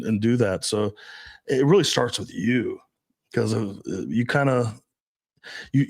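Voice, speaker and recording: A young man hosting a casual podcast as a dating coach, animated, swearing and acting out quoted voices. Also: mid-range voice.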